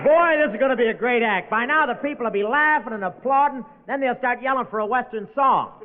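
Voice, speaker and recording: A man's voice: extremely high pitch, fast talker. A man playing a boastful, wisecracking comedian in a 1950s radio sketch, firing off gags. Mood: breezy. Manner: wisecracking, puts on a hammy cowboy twang. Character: boastful wisecracking male comic in cowboy outfit. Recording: tinny old radio broadcast with hiss.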